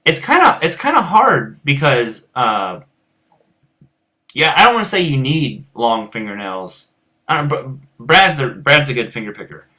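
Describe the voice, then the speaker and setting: Rural-accented American man, bright tone, loose rambling live-stream chat as a guitar teacher. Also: medium pitch, sing-song, unhurried. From United States. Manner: rambling, many fillers and restarts. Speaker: guitar teacher and show host. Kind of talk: casual chat answering viewers.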